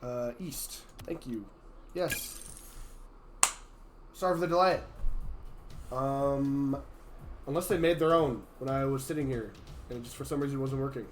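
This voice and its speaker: A man hosting and casting a live gaming tournament in a casual, chatty way, his voice a little hoarse from being sick, with sudden loud excited outbursts. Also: mid-range voice, a little slow, pauses often, soft background music. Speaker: tournament host and caster. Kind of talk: casual live-stream commentary.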